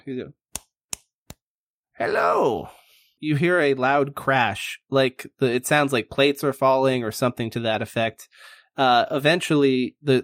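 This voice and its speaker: A man's voice: mid-range voice, a bit bright, dry recording. A man narrates as game master of a tabletop game in a loose, casual way. He swears freely and fills his talk with ums and uhs. The recording is close and dry.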